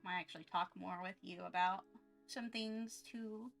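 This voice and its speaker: A woman art streamer chatting casually with viewers on a livestream, excitable and rambling, often restarting her sentences. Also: medium pitch, moderate pace, vocal fry, faint music behind.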